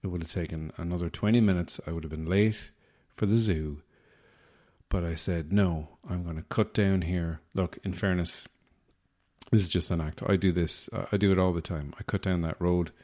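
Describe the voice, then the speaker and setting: A man's voice: low-pitched, fairly even intonation, moderate pace, darkish tone. An Irish man hosting a podcast, delivering a rambling, self-deprecating comic monologue with a wry manner. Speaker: podcast host.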